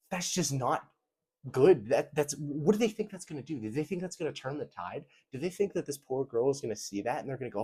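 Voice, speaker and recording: A young man hosting a casual commentary video, sarcastic and animated as he reacts to messages and mocks them. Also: mid-range voice, fairly quick, breathy edge.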